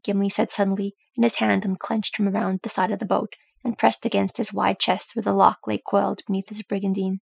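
A woman reads a fantasy story aloud in an even, steady way. Her voice is husky with plenty of fry. The sound is close and dry. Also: mid-range voice, brisk, few pauses, no echo. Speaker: audiobook reader. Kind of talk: fan fiction audiobook narration.

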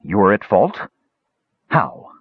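A man plays a blustering, hot-tempered old elf fisherman for an audiobook, his voice pushed up high and loud. The delivery is husky and dry, with a slightly dull, lo-fi sound. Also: very animated, very slow, no room sound, heavily acted. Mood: furious. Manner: bellowing, threatening.

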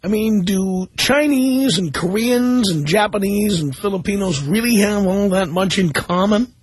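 A man's voice: high voice, measured pace, husky. A man hosting a talk radio show, reading news stories aloud and commenting on them sarcastically.

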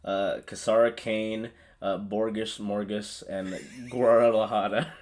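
A young man co-hosting a podcast in casual chat, excitable and quick to laugh. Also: on the low side. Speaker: podcast co-host.

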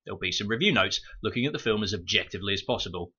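A man's voice: lowish voice, animated, very fast, pushed and bright, husky. A man hosting a film podcast, reading scripted review notes with wry, sarcastic asides. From United Kingdom. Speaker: podcast host. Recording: muffled home microphone.

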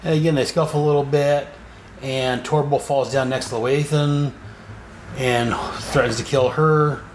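Recapping comics casually on his podcast, this man speaks a little slowly with fairly even intonation at a medium pitch, wandering with fillers and restarts. Slight hiss or hum is audible, and the room is echoey with faint ambience.

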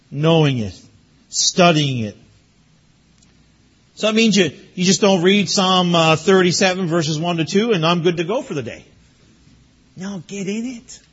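High husky pastor preaching to graduates. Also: male voice, fairly bright tone, muffled recording. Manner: storytelling, chuckling, earnest exhortation. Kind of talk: sermon to graduates.

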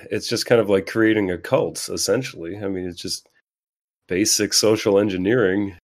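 A man in casual chat giving reflective, measured comments. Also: fairly low pitch.

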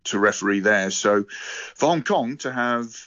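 A man's voice: mid-range voice, lively intonation, a little slow, a bit bright, dull audio. A man on a radio show giving sports news in casual chat, full of fillers and restarts. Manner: hesitant, many fillers and restarts. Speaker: rugby union spokesman.

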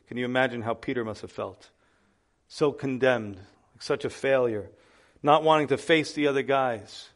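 A man preaching as a pastor, emphatic, swinging between loud urgent lines and hushed ones. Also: medium pitch. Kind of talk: sermon.

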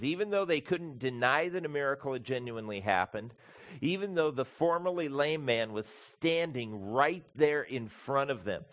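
A man preaching a sermon as pastor, emphatic and building through lists of repeated words, addressing the congregation as folks. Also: medium pitch.

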